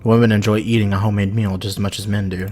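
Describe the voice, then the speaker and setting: A man reading a calm young android girl. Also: on the low side, rapid-fire, soft background music, lightly acted. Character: earnest young woman android, sensible and calm.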